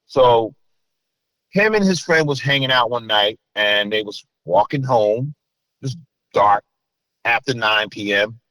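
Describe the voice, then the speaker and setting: A middle-aged man from New Jersey tells his story as an interview guest. He talks in a mid-pitched voice and gets loud and animated when he acts out what others said. The sound is dry and close. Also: slow pace, long pauses, no echo, rough recording.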